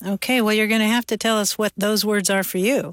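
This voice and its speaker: A woman co-hosting a radio talk show in a studio, playful and quick to laugh. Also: mid-range voice, fairly even intonation, no echo. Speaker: radio co-host. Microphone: studio mic.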